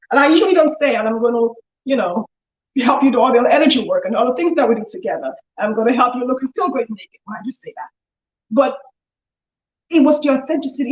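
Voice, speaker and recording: A woman's voice: a little high, highs cut off. Candid middle-aged woman in an echoey room. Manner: candid and animated, acts out quoted voices. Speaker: business coach. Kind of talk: casual talk to camera.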